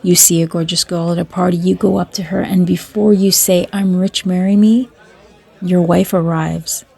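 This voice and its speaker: Casting: woman reader for short stories, low-pitched, dry matter-of-fact delivery. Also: flat delivery, normal speed, creaky, dark tone, slightly rough. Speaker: storyteller. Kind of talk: reading short stories and jokes aloud.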